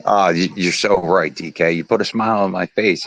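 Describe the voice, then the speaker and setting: A man from the US East Coast chatting casually in an online audio space, animated and repeating himself with frequent "right?". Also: low-pitched, moderate pace, muffled recording, slight background noise. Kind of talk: casual chat.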